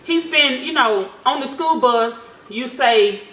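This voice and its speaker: A woman, a mother, chats to her viewers in a relaxed, slangy vlog style, dropping swear words and plenty of fillers. Her voice sits a bit high, and the room around her rings with echo. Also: takes it slowly, slight background noise. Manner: chatty, loose, slangy with swearing, many fillers. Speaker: mother and vlogger. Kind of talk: casual storytelling chat. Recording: echoey room.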